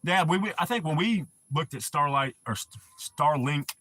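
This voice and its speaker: A man's voice: on the high side, lively intonation, moderate pace, bright, forceful tone, no room sound. A middle-aged man hosting a casual live stream, laid-back, swearing freely and laughing often. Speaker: livestream host.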